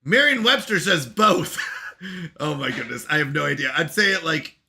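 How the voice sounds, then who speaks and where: A male streamer talks casually to his audience with an excitable manner and frequent laughter. His voice sits high and jumps around in pitch. The tone is very bright. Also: normal speed, creaky. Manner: excitable, laughs often, exclaims at himself. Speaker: live-stream host. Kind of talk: casual live-stream chat.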